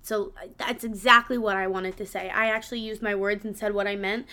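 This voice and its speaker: A woman's voice: medium pitch, flat delivery, a little fast, pushed and bright. A young woman hosting her own podcast in a casual, rambling way, restarting sentences and laughing at herself. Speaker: podcast host.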